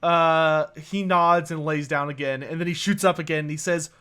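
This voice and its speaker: A man's voice: on the high side, steady tone, normal speed, hardly any pauses, bright, forceful tone, smooth. A man narrating a tabletop game as game master in a chatty way, with lots of fillers.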